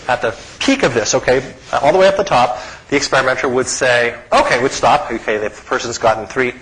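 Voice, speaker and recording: A middle-aged man, a psychology professor, giving an animated lecture with chuckling asides and frequent "okay?" check-ins. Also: mid-range voice, poor audio.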